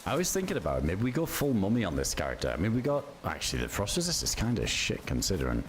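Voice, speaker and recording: A man's voice: deep voice, quick pace, a little hiss or hum. A man streaming a survival game, chatting casually with viewers as he plays, swearing now and then. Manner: relaxed, chatty, swears casually, reacts to chat. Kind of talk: casual livestream commentary.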